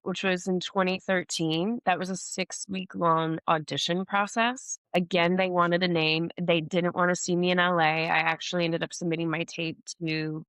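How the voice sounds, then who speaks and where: A woman with a lowish voice recounting her acting career in a candid interview. She tells stories with lots of "like" fillers and acts out what people said to her. The sound is close and dry. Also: normal speed, hardly any pauses, smooth, dry recording. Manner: animated anecdotes with many "like" fillers and acted-out quotes. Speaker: actress and podcast host, interview guest.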